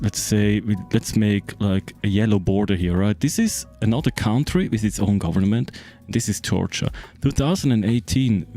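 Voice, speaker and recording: A man's voice: fairly low pitch, mellow. German man rambling through a casual map talk. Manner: rambling and loose, heavy fillers, swears freely, keeps checking in with "right?". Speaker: game streamer. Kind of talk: casual chat explaining a map to friends.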